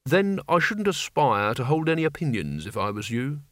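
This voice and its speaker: A man's voice: medium pitch, big pitch swings, normal speed, dry recording, studio quality, close to an everyday voice. A man voicing a grumpy, scornful old male servant in an audiobook. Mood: sneering. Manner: gruff and scornful. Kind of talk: audiobook character voice.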